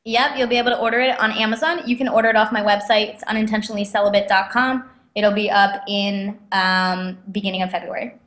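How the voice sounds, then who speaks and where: A young adult woman, a guest author, telling stories in a chatty, animated way and laughing often. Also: mid-range voice, quick pace, few pauses. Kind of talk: casual interview storytelling. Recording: roomy echo.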